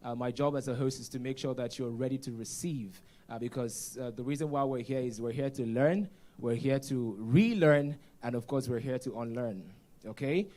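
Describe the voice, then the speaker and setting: A man's voice: mid-range voice, moderate pace, dark tone. A man hosting a conference on stage, joking with the audience. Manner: playful, jokes with the audience. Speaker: conference host. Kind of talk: live event hosting.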